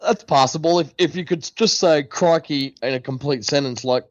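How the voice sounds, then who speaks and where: A man's voice: on the high side, normal speed, few pauses, background noise. A man chatting as a podcast guest, hesitant, who mimics other voices as he tells stories. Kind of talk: casual chat.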